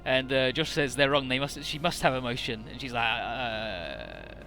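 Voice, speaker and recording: A man's voice: mid-range voice, animated, moderate pace, bright, forceful tone, faint music behind. A man casually recapping a game story as a let's play host, irreverent, swearing, with many fillers.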